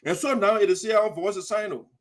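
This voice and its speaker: A man's voice: sits high, fast. Indignant Liberian man hosting commentary. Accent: Liberian English. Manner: indignant, mocking. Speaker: host. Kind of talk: heated political commentary.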